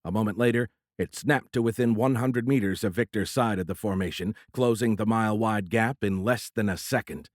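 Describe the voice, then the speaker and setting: A man narrates an audiobook in a low voice, reading steadily and with measure. The scripted narration is recorded close to the mic and dry, with no room sound.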